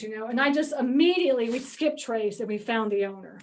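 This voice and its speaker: Her voice is high, expressive, a little fast and fairly bright, picked up far from the mic. At a meeting, this Georgia, US real estate investor recounts buying storage facilities in a chatty style full of "like" and "okay?", performing her phone calls as she goes.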